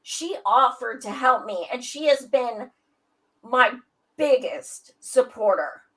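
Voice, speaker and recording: A woman's voice: a little high, slow pace, bright, forceful tone, rough recording. A blunt woman who swears freely and speaks emphatically in a casual panel chat. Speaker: podcast guest.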